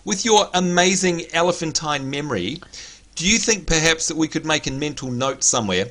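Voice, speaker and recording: A man hosting a casual gaming livestream, chatty and excitable, greeting viewers by name, his voice a little hoarse. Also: fairly high pitch, brisk. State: slightly hoarse. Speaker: livestream host.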